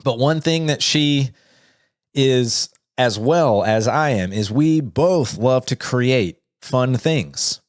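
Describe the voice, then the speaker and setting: A man's voice: mid-range voice, lively intonation, takes it slowly, no echo, studio quality. A man in his thirties, hosting a comedy show and closing it in a sincere, earnest way with joking asides. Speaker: host. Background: soft outro music.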